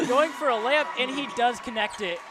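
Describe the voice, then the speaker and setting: A young man doing casual play-by-play of a college basketball game, dropping quick deadpan quips between the calls. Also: extremely high pitch, background noise. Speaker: student sports commentator.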